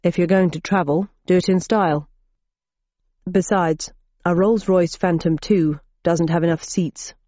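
Assured male executive, read by a woman, measured and dry, mellow tone, dull lo-fi audio. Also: on the low side, steady tone, no echo.

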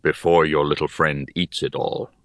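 A man voicing a wise older male poet and scholar, speaking in a slow, measured, solemn way in an audiobook. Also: extremely low pitch, little pitch movement, no room sound, clean studio sound, pitched below the performer's own voice. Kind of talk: audiobook character reading.

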